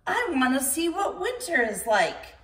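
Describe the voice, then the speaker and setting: A woman's voice: sits high, huge pitch swings, unhurried, a bit bright, voice pushed up, exaggerated voice. A woman voicing Shelley, a curious, stubborn young girl tortoise who pleads eagerly, in a storybook reading. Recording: roomy, from far off.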